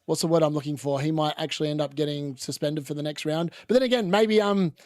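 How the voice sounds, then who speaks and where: A man's voice: a little high, fast talker, darkish tone, no echo, clean studio sound. A young man hosting a casual live football watchalong from a room at home, chatting and rambling as he reacts to the match. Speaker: watchalong host.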